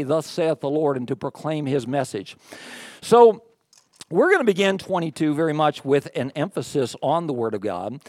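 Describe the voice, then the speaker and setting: A male pastor delivering a sermon in an easygoing, talkative manner, full of fillers and small laughs. His voice sits a little high for a man. The sound is dry and close, with no room echo. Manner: conversational with frequent fillers and laughs.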